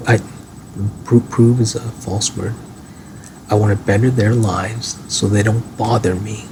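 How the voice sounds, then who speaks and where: A man rambling through a personal monologue in a musing way, often restarting and now and then swearing. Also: fairly low pitch. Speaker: vlogger. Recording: noisy ambient recording.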